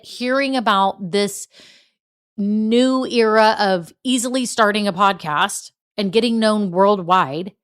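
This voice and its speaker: A woman's voice: mid-range voice, a bit bright. A middle-aged woman with a Southern American accent, from Texas, hosting a motivational solo podcast in a chatty, encouraging way. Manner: chatty, encouraging, says y'all and right. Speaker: podcast host.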